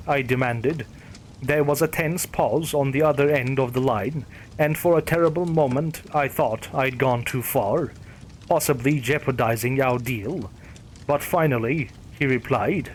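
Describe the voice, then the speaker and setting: A man narrating a horror story in a steady, somber, scripted reading. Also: mid-range voice, unhurried, slight background noise.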